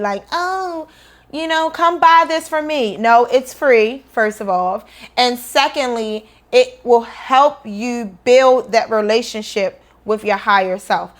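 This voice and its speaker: A woman meditation teacher talking casually to camera in a vlog, energetic and fired up about life. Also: fairly high pitch. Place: indoors after the gym.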